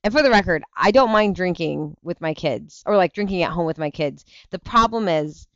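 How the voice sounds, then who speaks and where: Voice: mid-range voice, animated, moderate pace, a bit bright, dry recording, highs cut off. A tired parent hosting a casual livestream, rambling chattily through viewer comments with plenty of restarts and easy laughs. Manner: rambling, chatty, self-interrupting, laughs easily. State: tired, yawning. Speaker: livestream show host; parent of young kids.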